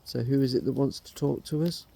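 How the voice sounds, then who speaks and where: A middle-aged man leads a ghost hunt, asking spirits for their names and ages in slow, coaxing questions. His voice is very dark and mellow, with a gravelly fry running through it. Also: mid-range voice. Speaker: paranormal investigator.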